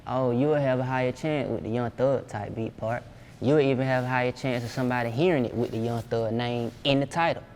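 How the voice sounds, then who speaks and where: A young music producer from Georgia, USA, speaks in a casual, slangy, profane way during an interview. His medium-pitched voice is darkish, fairly quick, and fairly even in intonation, with slight background noise.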